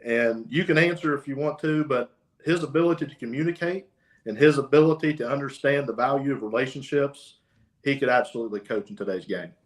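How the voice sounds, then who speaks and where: A man's voice: mid-range voice, fairly quick. Eager podcast host man. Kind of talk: casual interview.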